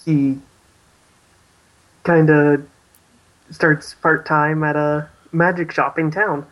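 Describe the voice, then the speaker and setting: A man's voice: on the high side, level tone, slow, a bit bright, poor audio. A man co-hosting a casual podcast, hesitantly recapping a story and laughing often. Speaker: podcast co-host.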